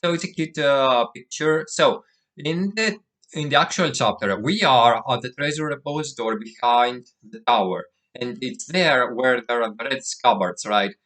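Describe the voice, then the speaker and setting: Male recap host, mid-pitched, casual and halting, heavy on fillers and restarts. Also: fairly bright tone. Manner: halting, many fillers and restarts, clears throat. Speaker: manga chapter recap host. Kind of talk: casual spoken recap with read-out dialogue.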